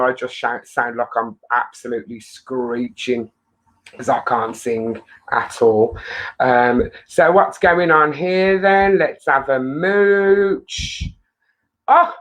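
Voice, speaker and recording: A woman's voice: on the low side, poor audio. A woman hosting a casual live stream, chatting in a rambling way to viewers and laughing often.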